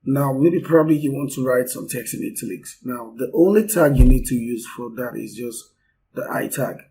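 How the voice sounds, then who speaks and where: A man's voice: mid-range voice, moderate pace, vocal fry, warm tone, slight background noise, rough recording. A man giving an unscripted coding tutorial while working on his screen, explaining step by step with frequent fillers. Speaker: coding instructor.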